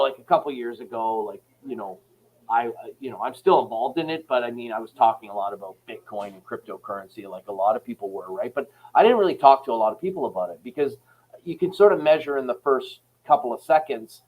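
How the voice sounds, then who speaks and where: A man's voice: mid-range voice, lively intonation, a little fast, husky, narrow, tinny audio. A man from Canada, a sales company head and author, talking frankly and rambling as a podcast guest, acting out phone calls as he tells stories. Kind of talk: casual podcast interview.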